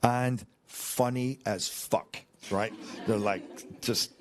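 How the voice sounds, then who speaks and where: A man's voice: medium pitch, extremely slow. A middle-aged man, an actor guest, telling an anecdote in a casual interview, acting out voices and cutting himself off as he goes. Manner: animated storyteller acting out quotes; swearing, self-interrupting.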